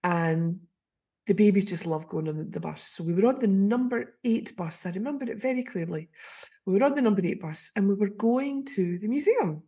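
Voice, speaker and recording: Husky Scottish woman host. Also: medium pitch, normal speed. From Scotland. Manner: animated, acts out quoted voices. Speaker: podcast host. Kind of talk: casual storytelling chat.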